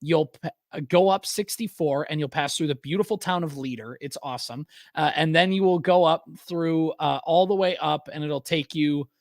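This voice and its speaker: Easygoing man, slightly high voice. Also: moderate pace, no echo, studio quality. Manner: easygoing, explaining for listeners. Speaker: podcast co-host. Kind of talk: casual sports chat.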